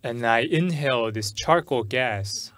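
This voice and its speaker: A middle-aged man preaching a sermon in English at a church service. He tells a personal story in a halting way, often repeating and restarting words. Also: medium pitch, animated, fairly bright tone. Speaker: pastor.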